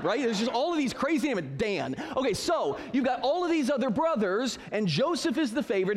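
A man's voice: high-pitched, a little mellow. A man teaching a Bible story to a group in a joking, sarcastic way. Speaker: pastor. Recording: reverberant hall.

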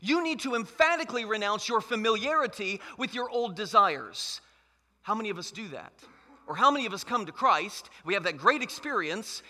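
High, bright preaching man in a hall. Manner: emphatic, conversational preaching. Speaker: pastor. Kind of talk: sermon. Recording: long hall reverb.

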